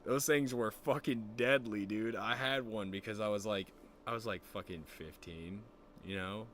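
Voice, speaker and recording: A man's voice: on the low side, steady tone, moderate pace, a bit bright, slight background noise. Loose, swearing young streamer guy. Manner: loose, profane storytelling, often does quoted voices. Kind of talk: casual stream chat.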